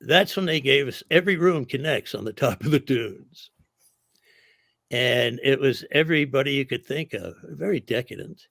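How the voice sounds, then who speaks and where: A man's voice: mid-range voice, moderate pace, gravelly, fairly bright tone, dry recording, studio quality. A man telling rowdy show-business stories in a casual chat, acting out the other people's lines. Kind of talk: casual storytelling.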